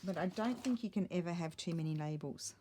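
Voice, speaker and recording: A woman's voice: on the low side, fairly quick, dark tone, a little hiss or hum. A middle-aged woman chatting casually while she crafts, thinking aloud and muttering little asides to herself. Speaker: craft vlogger.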